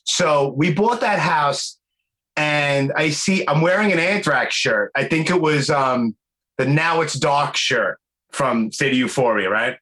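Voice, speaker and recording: Bright-voiced New man telling stories. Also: a little high, unhurried, poor audio. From New York. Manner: animated storyteller, swears casually. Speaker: podcast host. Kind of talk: casual interview chat.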